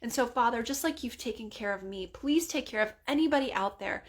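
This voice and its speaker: Gravelly, earnest woman praying aloud. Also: on the high side, animated, brisk. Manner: earnest, conversational, full of "you know" and "like". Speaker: prayer leader. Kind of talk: spontaneous spoken prayer.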